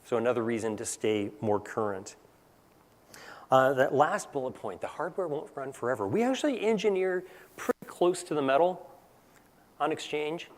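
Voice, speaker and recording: A man's voice: mid-range voice, expressive, moderate pace, big-room sound. A man giving a conference presentation in a casual, conversational way, tagging points with "right?". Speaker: technical presenter. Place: large conference hall.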